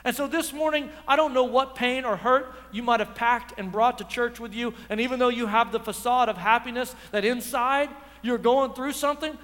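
High, bright-voiced preaching man. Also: normal speed, hardly any pauses, long reverb tail. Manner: animated preaching, acts out dialogue, builds to shouts. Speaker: pastor. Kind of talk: sermon. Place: church sanctuary.

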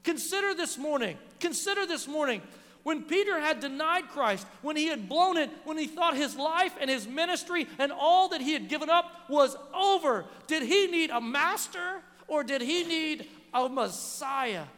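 A man's voice: extremely high pitch, animated, normal speed, fairly bright tone. A male pastor preaching a sermon, telling a story and acting out the lines of the people in it. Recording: long hall reverb.

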